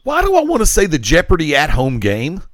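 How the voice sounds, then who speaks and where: A man's voice: a little high, wildly swooping pitch, a little fast, fairly bright tone, dry recording, clean studio sound. A man competing in a trivia quiz, sighing and grumbling as he searches for answers. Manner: exasperated, sighing, self-deprecating. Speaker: quiz contestant. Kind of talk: casual banter.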